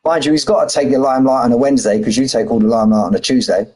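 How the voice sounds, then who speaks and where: Chatty husky British man streaming. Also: medium pitch, fairly even intonation, racing, darkish tone, rough recording. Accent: British English. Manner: chatty, banters with chat, drops h's and says "mate". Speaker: sim racing streamer. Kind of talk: casual live-stream chat.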